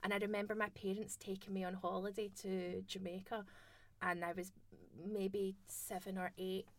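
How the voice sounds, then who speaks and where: A woman's voice: medium pitch, moderate pace. Laughing Scottish woman telling stories. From Scotland. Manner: lively storyteller, laughing often. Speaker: guest. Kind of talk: casual chat.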